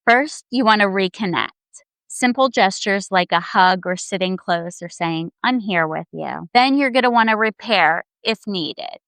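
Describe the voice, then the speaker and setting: A woman child therapist hosting a show, giving scripted parenting advice in a calm, gentle, measured way. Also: medium pitch, clean tone, dry recording, low-quality recording. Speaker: child therapist and podcast host.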